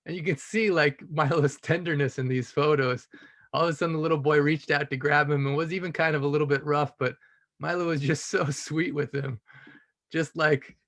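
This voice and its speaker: A man's voice: on the high side, steady tone, normal speed. Earnest, reflective man telling a story. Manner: earnest, reflective, often says "you know", laughs softly. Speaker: call participant sharing a personal story. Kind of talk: casual spoken storytelling.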